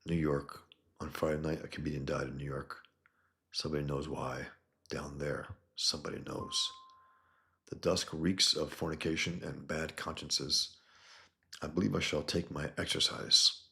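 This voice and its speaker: A man voicing a grim masked male vigilante in clipped, deadpan sentences. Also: rumbling low, moderate pace, gravelly, heavily acted. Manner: terse clipped deadpan reading.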